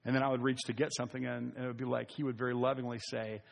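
A man's voice: medium pitch, flat delivery, rapid-fire, creaky. A man preaching a conversational sermon, repeating key phrases for emphasis. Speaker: pastor. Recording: long hall reverb.

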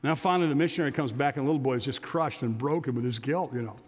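A male pastor telling a story during a sermon, animated and with frequent restarts. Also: mid-range voice, rapid-fire, breathy edge. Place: church sanctuary. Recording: long church reverb.

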